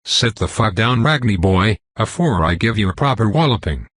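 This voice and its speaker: A man's voice: fairly low pitch, expressive, normal speed, a bit bright, dry recording, clean studio sound. A man voicing a crude, blustering male council elder who talks in a coarse, scolding way.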